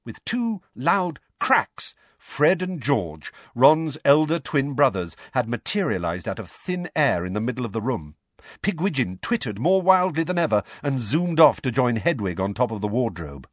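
Male audiobook reader, lively intonation, dry close studio sound. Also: fairly low pitch, a little slow, dry recording. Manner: expressive storytelling. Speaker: audiobook narrator. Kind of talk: scripted narration.

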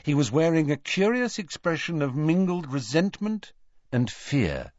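A man narrating a storybook aloud in a measured, expressive reading. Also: a little high, dry recording, lo-fi sound. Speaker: audiobook narrator. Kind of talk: scripted narration.

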